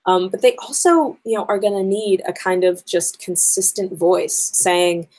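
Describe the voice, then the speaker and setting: A woman's voice: fairly low pitch, unhurried, hardly any pauses, a little mellow, poor audio. A woman educator giving a conversational conference talk to teachers, explaining her points step by step with frequent ums.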